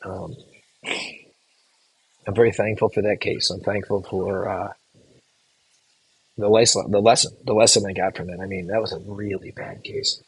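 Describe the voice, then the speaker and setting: A middle-aged man, a physician assistant educator, telling a case story to students in an earnest, halting way with restarted words. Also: lowish voice, steady tone, husky, dry recording, poor audio.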